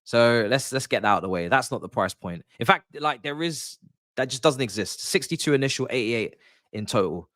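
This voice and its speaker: A man's voice: mid-range voice, expressive, fairly quick, fairly bright tone, no echo, studio quality. A man giving his views as a football pundit in casual podcast chat, confident and emphatic, often repeating his points.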